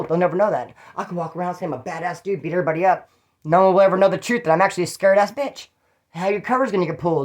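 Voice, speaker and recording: A man telling stories straight to the viewer in a blunt, profane, casual way. He talks at a quick clip and slips into other people's voices when he quotes them. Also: high-pitched. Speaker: former prisoner telling stories. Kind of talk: casual storytelling to camera.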